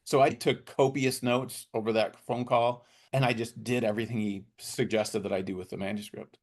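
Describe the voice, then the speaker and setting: Animated man telling a story. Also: medium pitch, moderate pace. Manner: animated storyteller who acts out quoted voices. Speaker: guest author. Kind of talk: storytelling in a podcast interview.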